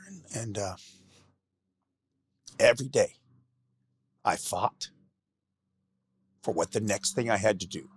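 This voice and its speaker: A middle-aged man with a low, gravelly voice tells his story in halting bursts, repeating words as he restarts. The sound is close and dry with no room around it. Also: no room sound. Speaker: podcast guest. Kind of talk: candid personal storytelling.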